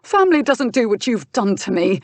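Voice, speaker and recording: A jealous young nobleman bursts out in raised, shouting lines, his voice pitched well above the reader's own and pressed hard. A woman reads him in an audiobook. The sound is close and dry. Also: very animated, a little fast, no echo, lightly acted. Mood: angry. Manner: shouting, sneering outbursts. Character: young hot-headed duke, jealous and furious. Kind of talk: audiobook character voice.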